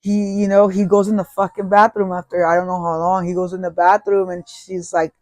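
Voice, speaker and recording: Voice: mid-range voice, flat delivery, a little fast, hardly any pauses, darkish tone, no echo. Profane, rambling podcast storyteller. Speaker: podcast host. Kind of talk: casual storytelling.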